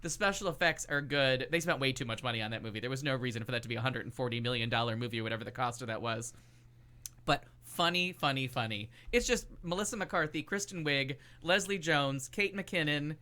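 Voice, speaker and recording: A man co-hosting a talk show, chatting casually and with strong opinions about movies, swearing freely and pausing on fillers. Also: mid-range voice, sharp tone. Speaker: podcast co-host. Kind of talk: casual chat reviewing movies.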